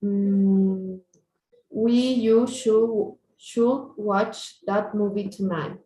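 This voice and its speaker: A woman's voice: mid-range voice, fairly even intonation, extremely slow, warm tone. A woman learning English in an online lesson, reading aloud hesitantly with many fillers over a video call. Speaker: English student. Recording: echoey, far from the mic.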